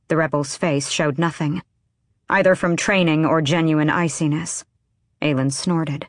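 A woman narrating a fantasy audiobook in a steady, measured way. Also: low-pitched, dry recording, clean studio sound. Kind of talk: scripted narration.

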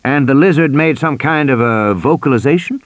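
A man voicing a calm, assured American field biologist with a soft Southern accent in an audiobook. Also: mid-range voice, normal speed, no echo, voice pushed up, lightly acted.

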